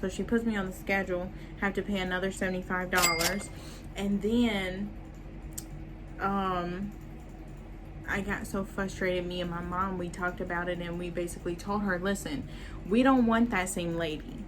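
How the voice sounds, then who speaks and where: A woman's voice: on the low side, moderate pace, background noise. Young woman telling a storytime to camera. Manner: animated, talks straight to viewers. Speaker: vlogger. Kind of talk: casual storytime.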